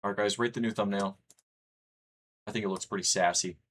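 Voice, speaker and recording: A man's voice: on the low side, fairly even intonation, brisk, a bit bright, slight background noise. A young man from the United States chatting casually with his livestream chat, rambling and reading messages aloud. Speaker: streamer.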